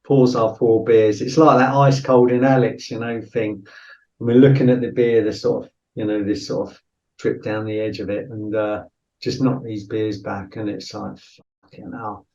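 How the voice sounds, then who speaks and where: A middle-aged man tells a story in a casual interview, blunt and sweary, leaning on "you know" a lot. His voice is warm and mellow. It sounds roomy and a little distant, with a dull tone. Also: fairly low pitch, flat delivery, moderate pace. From Britain. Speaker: podcast guest, former soldier.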